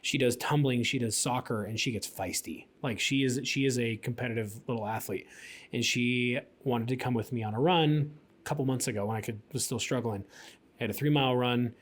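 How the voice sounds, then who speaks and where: Speaking briskly at medium pitch, a thirtysomething man shares a personal story while co-hosting a podcast. The conversation is casual, and his telling is chatty and full of fillers.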